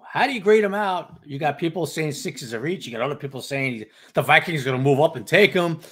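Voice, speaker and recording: A man with a slightly high, slightly rough voice talks fast and animatedly as co-host of a casual sports talk podcast. He's emphatic and repetitive, acting out how other people reacted.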